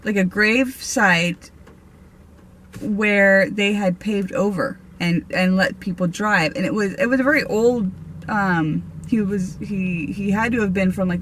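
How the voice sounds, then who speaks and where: A woman's voice: medium pitch, fairly bright tone. A woman chats casually on camera, recounting ghost stories in a loose, rambling way. She often restarts her sentences and laughs between them. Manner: rambling, chatty, with frequent fillers, restarts and laughs. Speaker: vlogger and medium. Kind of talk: casual storytelling.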